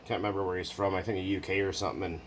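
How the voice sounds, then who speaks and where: Man, very deep voice, casual rambling workshop chat, joking, faint background noise. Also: level tone, racing. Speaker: hobbyist video maker.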